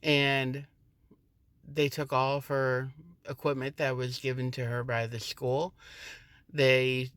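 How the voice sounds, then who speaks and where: Slow-talking woman acting out dialogue. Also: a bass voice, dry recording. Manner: animated, acts out quoted dialogue in a raised voice. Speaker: campus security officer. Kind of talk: casual storytelling vlog. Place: walking to her car through a parking garage. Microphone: phone held while walking.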